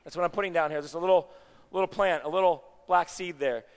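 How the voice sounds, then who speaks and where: A man preaching a sermon in a chatty, animated way, often checking that his audience is following along, in a church sanctuary. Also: on the high side, quick pace, big-room sound. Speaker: pastor.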